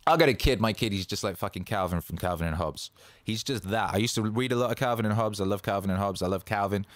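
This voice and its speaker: A man hosting a casual motivational monologue, swearing freely and rambling with bursts of excitement. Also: fairly low pitch, fast talker, no echo. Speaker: host.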